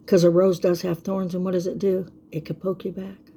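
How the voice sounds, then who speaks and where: A woman's voice: fairly low pitch, flat delivery, a little fast, mellow, breathy edge. An older woman giving a folksy, preachy faith talk to camera, often checking in with "okay?". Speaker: vlogger.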